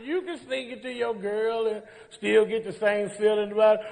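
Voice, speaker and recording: A comedian on a live talk show, telling rowdy stories, laughing through his punchlines and shouting the quoted lines. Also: very high voice, expressive, normal speed, creaky, few pauses. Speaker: comedian guest. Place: ballroom stage before a live audience. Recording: echoey ballroom, long reverb.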